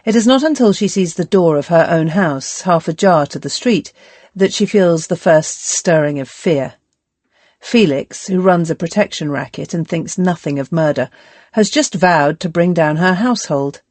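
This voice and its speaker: Female audiobook narrator, lowish and measured, dry close read. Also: a little mellow, no echo. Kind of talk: scripted narration.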